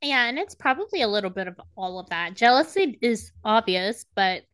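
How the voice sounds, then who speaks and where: A woman's voice: fairly high pitch, expressive, moderate pace, a bit bright, clear, resonant tone, dry recording. A woman co-hosting a podcast, upbeat and agreeable in casual chat about an anime, bothered by allergies. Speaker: podcast co-host.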